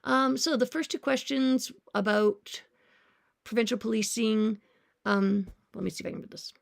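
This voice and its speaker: A woman's voice: a little high, fairly even intonation, normal speed, vocal fry. A woman in her forties, a music teacher, chatting casually and sarcastically about a public meeting she attended, with self-aware asides. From Canada. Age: 40s. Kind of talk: casual commentary on her notes.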